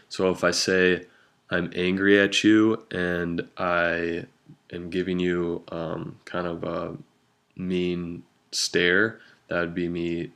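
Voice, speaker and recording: A young man with a low, deep voice gives a class presentation. He talks slowly and hesitantly, often pausing on ums as he works through his points. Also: fairly bright tone. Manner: slow, hesitant delivery with frequent ums. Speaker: student presenter.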